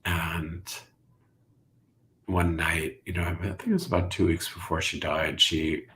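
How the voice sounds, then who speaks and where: A middle-aged man, a Zen teacher, speaking softly and contemplatively as a podcast guest, sometimes dropping to a whisper. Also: sits low, level tone, a little hiss or hum. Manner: slow, soft-spoken and contemplative, drifting into whispers. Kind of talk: reflective podcast conversation.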